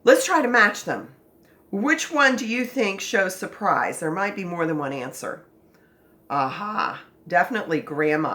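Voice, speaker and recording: Woman phonics teacher, animated sing-song delivery, patient and encouraging with young kids. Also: fairly low pitch, unhurried, slight background noise. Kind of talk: teaching a children's phonics lesson.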